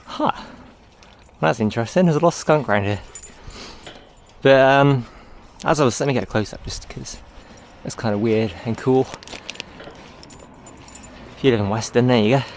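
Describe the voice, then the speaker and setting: A man's voice: medium pitch, normal speed, long pauses. A man rambling casually as he walks his dog along a road, talking to the camera and coaxing the dog. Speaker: vlogger. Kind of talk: casual walking vlog. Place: outdoors on a roadside walk. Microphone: handheld camera. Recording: noisy outdoor recording. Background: outdoor noise, dog.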